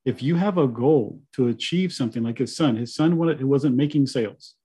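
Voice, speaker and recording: A man's voice: medium pitch, a little fast, mellow, slightly rough. A man hosting a podcast, recapping his guest's points in an enthusiastic, casual way. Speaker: podcast host.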